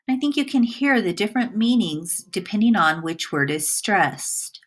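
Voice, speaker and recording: A woman teacher narrating a recorded slide lesson, speaking clearly and deliberately, stressing single words for emphasis. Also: medium pitch.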